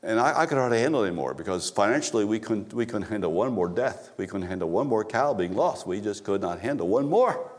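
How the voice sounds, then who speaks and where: Male pastor preaching a story-driven sermon in church, halting restarts, emphatic repetition. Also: on the low side, lively intonation. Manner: storytelling, repeats phrases for emphasis, frequent restarts.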